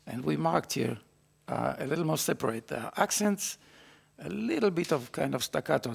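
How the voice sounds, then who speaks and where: A man's voice: fairly high pitch, expressive, creaky, husky. A man teaching a trumpet master class, encouraging the student and singing phrases on syllables to show how they should go. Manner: sings phrases on syllables to demonstrate; encouraging, halting with restarts. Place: recording studio. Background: trumpet playing.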